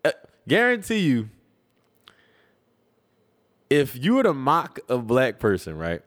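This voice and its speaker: A man's voice: medium pitch, slow. A young man from Philadelphia with a Philly accent, chatting casually, laughing often and acting out other people's voices. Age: young adult. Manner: animated, laughing, acts out voices. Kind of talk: casual chat.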